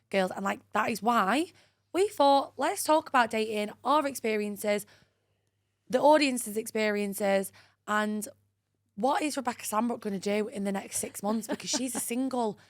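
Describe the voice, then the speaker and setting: A young woman, co-hosting a podcast and telling stories in a chatty, animated way. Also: fairly high pitch, normal speed, dry recording, clean studio sound. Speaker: podcast co-host. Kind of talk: casual chat.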